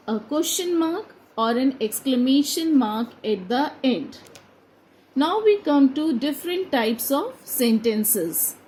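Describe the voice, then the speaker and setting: Slow, high-voiced teacher. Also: female voice, darkish tone, slight background noise, rough recording. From India. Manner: slow, deliberate, spells out each answer. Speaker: school teacher. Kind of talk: grammar lesson read aloud to a class.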